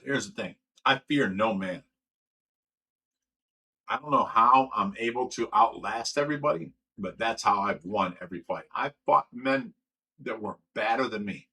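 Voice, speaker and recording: A man chats on a livestream, reading viewer comments in a brash, boastful manner. His voice is low and husky, with a bright, forceful edge to it. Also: moderate pace, poor audio. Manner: brash, boastful trash talk. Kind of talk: casual livestream chat.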